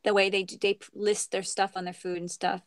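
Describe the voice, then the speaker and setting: A woman's voice: medium pitch, level tone, a little fast, no room sound. Middle-aged woman, from Canada, casual livestream chat, rambling, dry close sound. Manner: chatty, meandering, trails off into murmurs. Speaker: craft livestream host.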